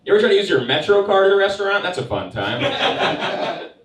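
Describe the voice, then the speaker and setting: A young man performing a stand-up comedy set, telling stories in a wry, deadpan way with sarcastic asides. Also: high voice, brisk. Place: comedy club stage. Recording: echoey room picked up from a distance.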